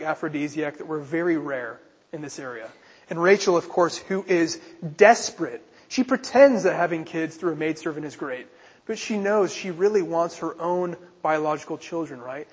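A male pastor with a high, husky voice preaches earnestly and keeps pressing his listeners with questions. The sound carries a long hall reverb and comes through slightly muffled, as if recorded in a church sanctuary. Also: normal speed. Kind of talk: sermon.

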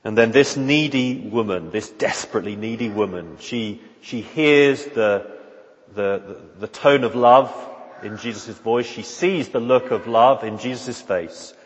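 A man's voice: mid-range voice, a little slow. Man pastor, earnest sermon, long hall echo, dull lo-fi recording. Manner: earnest, emphatic repetition and frequent restarts.

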